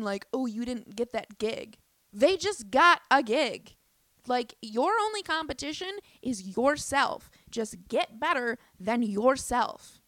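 A woman's voice: a little high, a bit bright, dry recording. A young woman stand-up comedian telling a story in a casual vlog, swearing, laughing and acting out both sides of the argument, recorded on her own camera. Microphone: self-recorded on a battery-powered camera.

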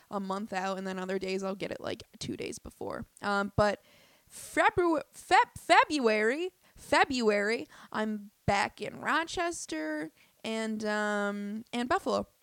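A woman's voice: a little high, fairly bright tone, no room sound. A young woman stand-up comedian telling a story in a casual vlog, swearing, laughing and acting out both sides of the argument, recorded on her own camera. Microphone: self-recorded on a battery-powered camera.

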